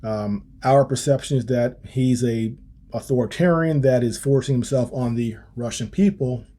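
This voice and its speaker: An American man with a mid-range, dark-toned voice speaks at normal speed while hosting a political podcast. He reads from a policy paper and comments casually, full of ums, restarts, and wry asides.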